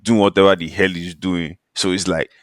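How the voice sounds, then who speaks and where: Male podcast co-host, very low voice, dry close sound, slangy and animated. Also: moderate pace, no room sound. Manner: slangy, animated, laughs while talking. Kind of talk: casual podcast chat.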